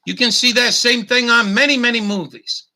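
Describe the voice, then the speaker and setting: A man hosting his own YouTube show, delivering an angry, profane rant with halting restarts and stumbles. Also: very high voice, pushed and bright. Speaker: YouTube host. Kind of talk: profane ranting monologue.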